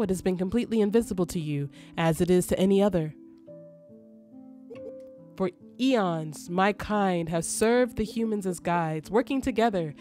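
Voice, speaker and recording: Casting: woman voicing a calm, formal male spirit guide, measured delivery, light game music behind. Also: mid-range voice, natural voice. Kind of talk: reading game dialogue aloud.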